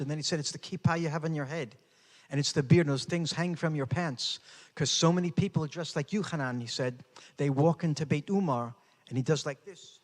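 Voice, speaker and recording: An older man giving a talk, telling a personal story with dramatic, rising intensity. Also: mid-range voice. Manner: dramatic, builds to raised intensity. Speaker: speaker. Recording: hall with long reverb.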